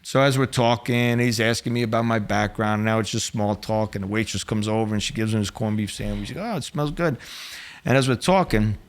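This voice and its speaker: A man's voice: fairly low pitch, steady tone, a little fast, hardly any pauses. A middle-aged man, a former undercover agent, telling a story in a casual, blunt, streetwise way on a podcast.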